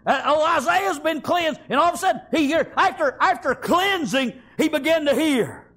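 A man preaching a fervent revival sermon, often shouting and punctuating with "amen" and "praise God". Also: extremely high pitch, lively intonation, moderate pace.

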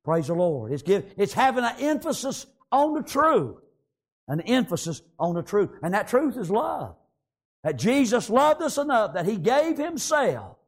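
A man preaching a sermon with fervor, breaking into shouts and peppering his lines with calls of praise, reading scripture slowly. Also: high-pitched. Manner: fervent preaching, rising into shouts, frequent "amen" and "praise God"; reads scripture in slow King James phrasing.

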